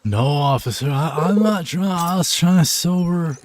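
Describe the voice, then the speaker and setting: A man's voice: on the high side, moderate pace, voice pushed up, close to an everyday voice. A man voicing a flustered drunk driver pleading with a police officer, stammering.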